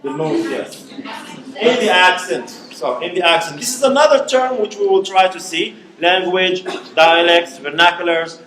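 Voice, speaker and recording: A man's voice: high-pitched, unhurried, bright, forceful tone, slight background noise. A male university lecturer, giving a classroom lecture, questioning students and saying "okay" often. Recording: echoey classroom.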